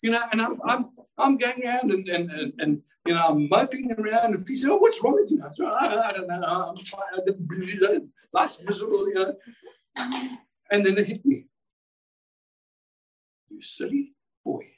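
A man's voice: sits high, animated, normal speed, far from the mic, poor audio. A male pastor preaching a sermon in a church service, fervent and exclamatory, often repeating words as he builds a point.

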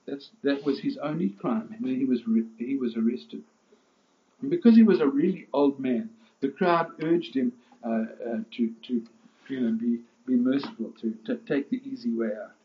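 A man's voice: mid-range voice, moderate pace, lo-fi sound. A man preaching a sermon as pastor, impassioned, with rising emphasis and frequent restarts.

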